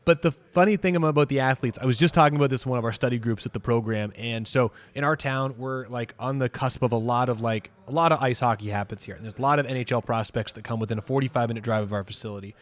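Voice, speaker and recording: Quick-talking enthusiastic podcast host man. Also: mid-range voice, no room sound. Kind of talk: casual interview chat.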